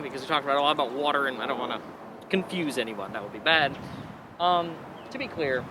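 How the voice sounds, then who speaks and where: Young man, science teacher, casual lesson, playful asides, noisy outdoor recording. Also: on the high side. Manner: chatty, digressive, playful asides.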